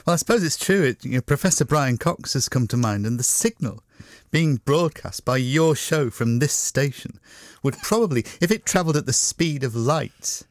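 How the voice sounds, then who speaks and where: A man's voice: mid-range voice, expressive, moderate pace, dry recording. A middle-aged man chatting as a guest in a radio studio, telling anecdotes with a chuckle. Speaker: guest impressionist. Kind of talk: radio interview chat. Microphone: studio microphone.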